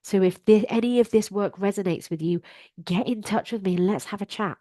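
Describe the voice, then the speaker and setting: A woman's voice: mid-range voice, fairly quick, warm tone, dry recording. A middle-aged woman talks straight to her listeners as a life coach on her podcast. Her manner is earnest and encouraging, plain and direct. The sound is close and dry, with no room around her. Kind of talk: solo podcast advice talk.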